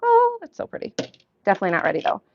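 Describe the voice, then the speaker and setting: A woman from Minnesota hosting a casual livestream, chatty and gushing with easy excitement, breaking off into asides. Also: medium pitch, very fast, creaky, highs cut off. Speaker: livestream host. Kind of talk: casual live-stream chat. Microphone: phone.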